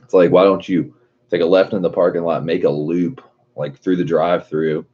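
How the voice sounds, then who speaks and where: A very deep-voiced young man with a husky, dark tone, cursing and laughing his way through a casual story. The stream mic sounds a bit muffled. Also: normal speed. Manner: profane, animated, laughing.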